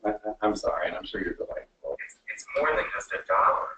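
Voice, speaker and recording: A man acting as a fussy, demanding client who stammers and complains in exasperation. His voice sits very low but swoops widely, with a bright, forceful edge. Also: big pitch swings, quick pace, lo-fi sound, a little hiss or hum, exaggerated voice. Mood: exasperated. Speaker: employee acting as a difficult client.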